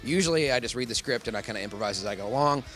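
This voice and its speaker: Bright-voiced chatty male voice actor. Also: medium pitch, expressive, very fast, soft background music. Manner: rambling, chatty, laughs often. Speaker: professional voice actor, interview guest. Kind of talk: casual convention interview. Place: convention.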